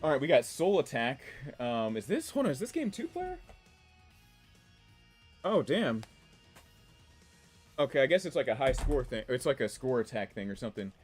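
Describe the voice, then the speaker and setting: A twentysomething man from the Washington DC area, whose accent blends DC-area and New York speech, reads chat during a casual gaming livestream. His mid-pitched voice is animated and husky at a moderate pace, and he rambles chattily and laughs often, with faint music in the background.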